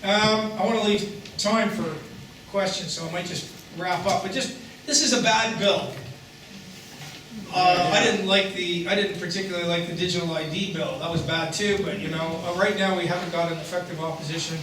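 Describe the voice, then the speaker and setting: A man's voice: high voice, fairly even intonation, moderate pace, fairly bright tone. A man giving a seminar talk to an audience, joking and conversational, with frequent restarts. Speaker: guest speaker at a seminar. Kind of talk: lecture with jokes. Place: hall with audience. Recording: echoey hall, distant mic, noise.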